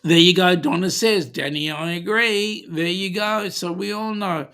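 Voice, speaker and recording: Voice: mid-range voice, fairly even intonation, moderate pace, a bit bright. A host chatting casually on a livestream, reading out viewer comments and teasing them. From Australia.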